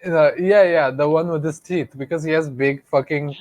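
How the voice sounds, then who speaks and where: Male podcast co-host, rambling crude banter, a bit high, dry close mic. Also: fairly even intonation, normal speed, darkish tone, dry recording. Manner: crude, rambling, laughs often. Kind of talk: casual banter.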